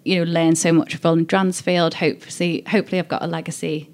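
This agency director, a Liverpool woman with a Scouse accent, chats as an interview guest about her career, using plenty of fillers. She talks fast in a low, flat voice, and her storytelling is warm and conversational.

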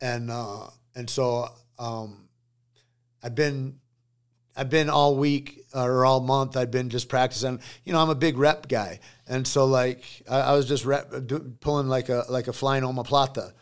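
A man with an average-pitched voice tells a story in a relaxed, conversational way. He jumps into the voices of the people he quotes and then drops back to his own easy tone. He is recorded on a studio microphone. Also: unhurried, smooth. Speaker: podcast guest. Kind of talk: casual storytelling. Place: podcast studio.

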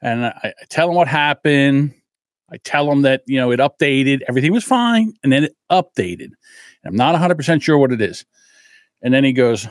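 A man's voice: mid-range voice, normal speed, dry recording, clean studio sound. A man hosting a podcast, telling a casual story, acting out the voices in it and swearing freely. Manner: animated, acts out voices in his anecdotes; swears freely, self-deprecating about his temper. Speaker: podcast host.

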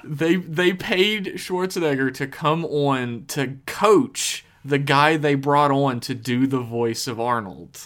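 A man guesting on a podcast in casual chat, animated and swearing freely. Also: medium pitch, slow pace, hardly any pauses.

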